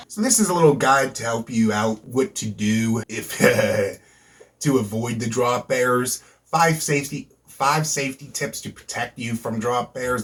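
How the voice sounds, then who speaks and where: Male vlog host, easygoing rambling delivery with jokes and cussing, shot outdoors after dark. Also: medium pitch. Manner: rambling, joking, swears freely. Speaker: YouTube host. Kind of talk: casual vlog chat. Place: outdoors at night.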